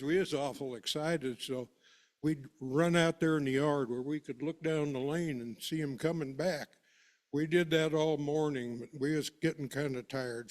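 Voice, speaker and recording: Folksy man spinning a homespun yarn. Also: on the high side. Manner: homespun rural dialect, unhurried and chatty. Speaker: storyteller at a worship service. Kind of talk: folksy first-person storytelling.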